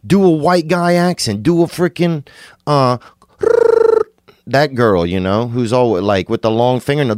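A man from Louisiana delivering a rambling, digressive comedic monologue, now and then jumping into sudden high, excited bursts. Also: a little slow, pauses often, dry recording, studio quality.

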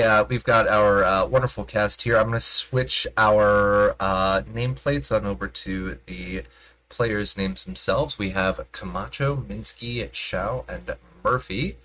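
A man hosting and running a tabletop role-playing stream, talking casually with many pauses and restarts. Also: on the low side, bright, forceful tone, rough recording. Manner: rambling, with many fillers and restarts. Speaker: game master. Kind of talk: casual stream chat as game master.

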